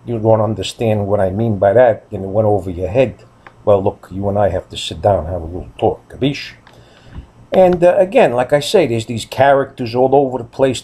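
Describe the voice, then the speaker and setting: A man's voice: fairly low pitch, darkish tone, a little hiss or hum. Rambling, profane New man. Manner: rambling, blunt and profane with many fillers. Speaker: vlogger. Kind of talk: casual storytelling monologue.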